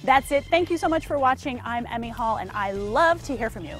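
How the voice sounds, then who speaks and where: High-voiced playful woman reviewing cars. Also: lively intonation, brisk, soft background music. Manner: playful, jokey asides. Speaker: car review host. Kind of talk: scripted car review.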